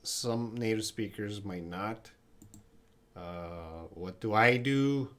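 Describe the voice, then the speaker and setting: A man's voice: fairly low pitch, slow, fairly bright tone. A man teaching English on a casual livestream, reading viewer questions aloud and explaining them with example sentences. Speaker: English teacher answering live chat questions.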